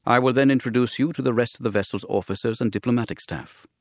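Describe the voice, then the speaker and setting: A man voicing a sober, courtly alien official who speaks in a formal, measured, grave way, read as a scripted audiobook. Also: medium pitch, no room sound, clean studio sound, natural voice.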